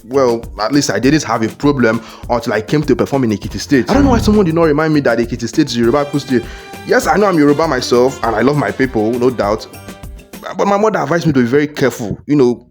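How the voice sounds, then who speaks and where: A man's voice: mid-range voice, darkish tone. A man with a Nigerian accent telling a comic story, playful and dramatic. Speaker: comedic storyteller. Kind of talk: comedy skit narration.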